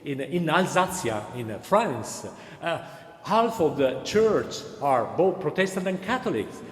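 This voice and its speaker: A man hosts a panel and speaks earnestly, repeating key phrases in non-native phrasing. His voice sits a bit higher than most men's. It rings through a large church with long reverb. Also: lively intonation, a little slow. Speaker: Dominican cultural center host. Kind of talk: panel moderation.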